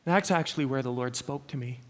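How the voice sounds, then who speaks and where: A man's voice: mid-range voice, a little fast. A middle-aged man preaching a sermon, telling stories in an earnest way with frequent "um" and "uh" fillers.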